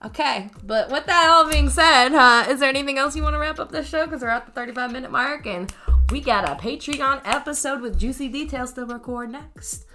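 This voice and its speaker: Pushed, bright and high-pitched, this woman's voice carries blunt, profane rants as she co-hosts a casual chat podcast. She works as a special needs teacher and swears freely.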